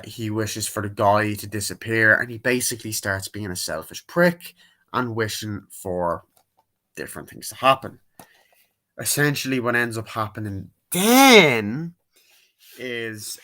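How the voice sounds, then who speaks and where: A man's voice: fairly low pitch, bright, forceful tone. A man giving a casual, rambling movie review, full of fillers, jokes and swearing. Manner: rambling, profane and jokey, many fillers.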